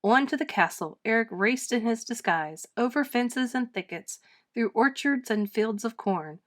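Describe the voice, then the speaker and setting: A woman reading a children's storybook aloud with dramatic, expressive narration. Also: a little high. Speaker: storybook reader. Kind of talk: children's book read-aloud.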